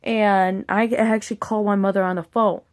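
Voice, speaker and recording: Woman vlogger, mid-pitched, loose and rambling storytelling, blunt and candid, swears casually. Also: little pitch movement, moderate pace, a little mellow.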